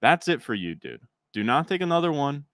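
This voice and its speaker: A man's voice: on the high side, big pitch swings, brisk, a bit bright, smooth, no room sound. A young man streaming a fantasy football draft, chatting casually with his chat and rambling through fillers.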